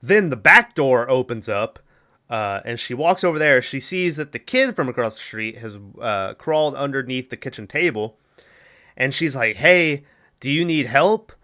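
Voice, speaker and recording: Man, podcast host, casual rambling movie recap, bright tone, smooth clear voice. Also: mid-range voice, animated, moderate pace. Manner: rambling, recaps with acted quotes and laughs.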